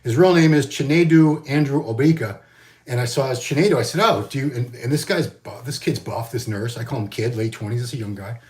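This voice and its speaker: A man's voice: mid-range voice, fairly quick, darkish tone. Rambling middle-aged man, casual chat. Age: 50s. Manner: rambling, conversational, frequent fillers and restarts. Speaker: bodybuilding magazine host. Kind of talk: casual solo vlog chat.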